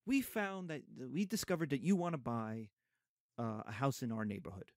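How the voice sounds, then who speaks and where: A man's voice: mid-range voice, normal speed, darkish tone, no echo, studio quality, voice pushed down, natural voice. A man doing a smarmy, polite neighborhood official. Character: polite condescending white neighborhood representative.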